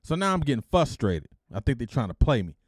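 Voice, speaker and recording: A middle-aged man from Detroit, hosting a podcast and telling his own life story in a casual, animated way, acting out the dialogue and peppering his speech with "freaking". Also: medium pitch, fast talker, no echo, clean studio sound. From Detroit, United States.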